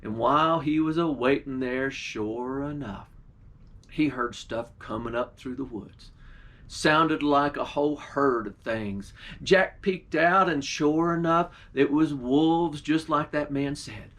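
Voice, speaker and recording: A pastor telling a folk tale in a folksy, dialect-rich storytelling way. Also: male voice, fairly high pitch, slow pace, fairly bright tone.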